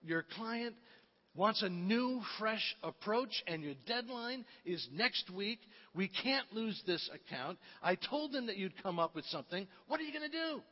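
A man voicing a worried, hurried coworker worried about a deadline. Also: high-pitched, lively intonation. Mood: agitated. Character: agitated office coworker under deadline. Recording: reverberant, dull lo-fi.

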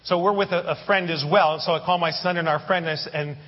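A man preaching a sermon as a pastor, telling a story in an animated way with humorous asides. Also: fairly high pitch, fast talker. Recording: muffled sermon audio with long hall reverb.

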